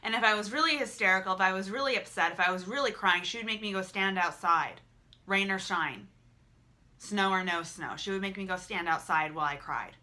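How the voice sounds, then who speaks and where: A woman's voice: mid-range voice, fairly quick, bright, forceful tone. A young woman talking candidly to camera in a vlog, emotional and repetitive, swearing freely. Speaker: vlogger.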